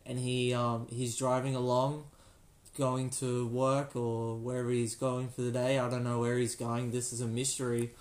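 Brief: Australian male host, rambling jokey storyteller, even monotone at a mid pitch. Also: normal speed. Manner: rambling, jokey, many restarts. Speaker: podcast host. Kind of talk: casual storytelling.

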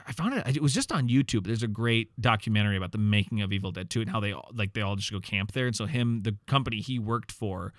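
A man's voice: fairly low pitch, quick pace, hardly any pauses, dry recording, clean studio sound. A man co-hosting a podcast, casually recapping a movie with lots of fillers and restarts and acting out the characters' lines. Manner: rambling, filler-heavy, quotes characters in voices. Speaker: podcast co-host.

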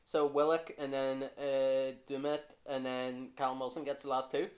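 A man's voice: medium pitch, normal speed. A man hosting a football podcast, chatting casually with lots of fillers and the odd swear. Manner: relaxed, lots of fillers, swears when annoyed. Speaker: podcast host.

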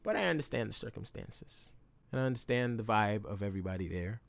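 A man hosting a podcast, telling a story in a loose, slangy way with plenty of swearing. He swings between loud bursts and low mumbles. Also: fairly quick, gravelly, no echo. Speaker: podcast host. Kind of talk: casual storytelling monologue.

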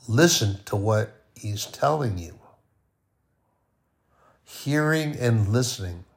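A man preaching in a loose, conversational way, his mid-pitched voice rough with gravel. He often sinks almost to a hush to make a point. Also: expressive, measured pace. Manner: conversational, with sudden soft drops to near-quiet. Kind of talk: informal sermon.

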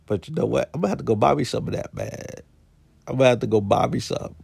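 Animated, gravelly man telling a funny story. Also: medium pitch, dry recording, clean studio sound. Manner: animated, laughing, drawn-out exclamations. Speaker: podcast host. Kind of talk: casual storytelling monologue.

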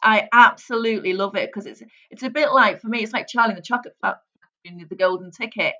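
A woman's voice: mid-range voice, fast talker, bright, forceful tone. Woman, forties, light Merseyside accent, gushing, chatty, laughs often, dull lo-fi sound. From Merseyside, England. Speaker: hypnotherapist guest. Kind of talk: casual interview chat. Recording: dull lo-fi audio.

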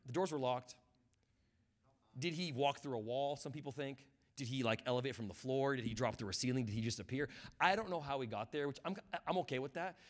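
A man preaching a sermon as a guest pastor, talking in a loose, conversational way with repeated words and restarts that climbs into passionate shouting. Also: mid-range voice.

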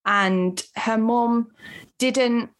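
A woman's voice: on the high side, extremely slow. A woman in her thirties chatting candidly and telling a personal story in a casual conversation. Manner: candid, storytelling, laughs easily. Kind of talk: casual chat.

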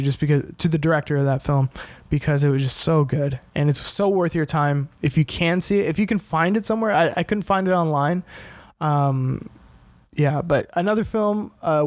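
A man with a slightly high voice rambles through a casual solo podcast monologue. He swears freely and pokes fun at himself. The sound is close and dry. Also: a little mellow, dry recording. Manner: rambling, profane and self-mocking. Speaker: comedian and podcast host.

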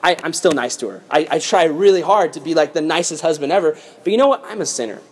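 Young youth pastor guy, casual and lively, uses slang, tells bible stories to kids. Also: fairly high pitch, fast, husky. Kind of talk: youth sermon.

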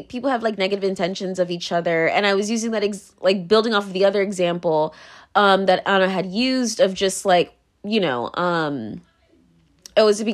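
A woman in her twenties hosting a solo podcast, rambling and ranting with many fillers and swear words. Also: a little high. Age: 20s. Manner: rambling, profane, constant "like" fillers; exasperated, ranting. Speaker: podcast host.

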